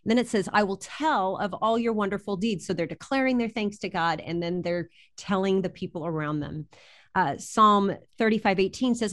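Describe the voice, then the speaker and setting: A woman's voice: medium pitch, normal speed. A woman co-hosting a church podcast, talking earnestly and reflectively about gratitude. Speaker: podcast co-host. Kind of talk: casual devotional talk.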